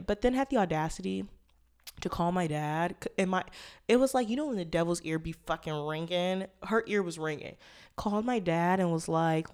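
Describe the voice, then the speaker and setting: A woman's voice: on the low side, moderate pace, darkish tone, clear, resonant tone. A young woman in her twenties hosting a casual solo podcast, talking candidly and rambling with lots of fillers and swearing. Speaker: podcast host.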